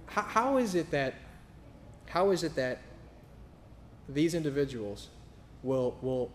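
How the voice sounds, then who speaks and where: A man's voice: a little high, lively intonation, takes it slowly, roomy sound, slight background noise. A man preaching a sermon in a casual, sarcastic, flippant way, acting out other people's voices as he tells stories. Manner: acts out quoted voices in storytelling. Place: church.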